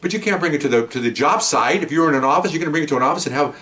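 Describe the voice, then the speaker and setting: A man's voice: on the high side, lively intonation, rapid-fire, hardly any pauses, a bit bright. A man in his sixties, a police veteran, telling stories in a rambling casual way. He keeps checking in with "okay?" and restarts his sentences often. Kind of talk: casual storytelling monologue.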